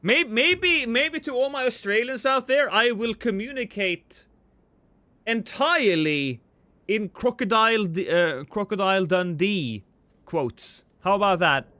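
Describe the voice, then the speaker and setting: A man's voice: sits high, animated, measured pace, bright, forceful tone, no echo. A man streaming a game live, chatting with viewers in a rambling, joking, self-deprecating way.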